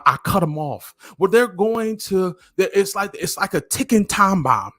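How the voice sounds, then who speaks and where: A man's voice: high voice, a bit bright, dry recording, studio quality. A middle-aged man giving an earnest motivational talk to camera, repeating phrases for emphasis, with faint music behind him. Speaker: motivational speaker.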